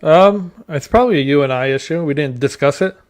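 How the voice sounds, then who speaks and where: Smooth-voiced easygoing podcast co-host. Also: male voice, a little high, brisk. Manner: easygoing, self-deprecating. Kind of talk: casual sports chat.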